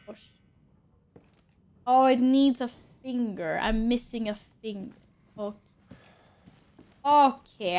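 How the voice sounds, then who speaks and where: A young adult woman streaming a game live, reacting out loud, swearing and exclaiming as things happen. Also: a little high. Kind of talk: live gameplay commentary.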